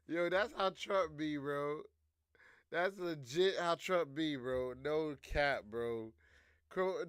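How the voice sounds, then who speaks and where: A young man streaming, riffing loudly and casually in slang while reacting to clips. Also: on the high side, smooth, no room sound, studio quality. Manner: loud, slangy, animated riffing.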